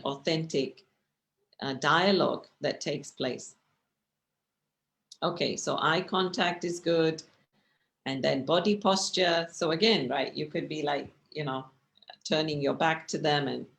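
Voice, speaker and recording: A woman meditation teacher giving a relaxed talk with slides, speaking in a conversational way that often checks in with the listener. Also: low voice, gravelly. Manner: expressive, gestures while speaking.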